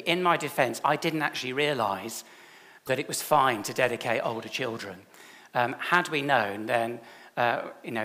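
A man's voice: mid-range voice, pushed and bright. A man, a church leader giving a chatty, self-deprecating sermon full of stories.

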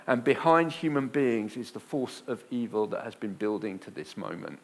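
Male preacher, sermon delivery, emphatic, loud-soft swings, repetition for emphasis. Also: medium pitch, animated, normal speed, hardly any pauses. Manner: emphatic, rising to loud bursts then dropping quiet; repeats phrases for emphasis.

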